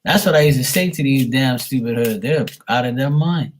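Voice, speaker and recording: A man's voice: medium pitch, normal speed, a little hiss or hum. A man chatting casually with viewers on his live tarot stream, blunt and swearing freely.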